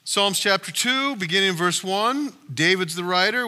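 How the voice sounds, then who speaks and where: A man's voice: high voice, animated, moderate pace, pushed and bright. A male pastor giving a sermon in a conversational way, retelling a story with asides to the congregation. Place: church.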